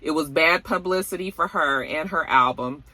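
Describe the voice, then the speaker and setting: Chatty woman with a bright, forceful voice. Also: sits low, normal speed, no echo. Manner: chatty, talks straight to viewers with fillers. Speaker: YouTube celebrity gossip host. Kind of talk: casual commentary to viewers.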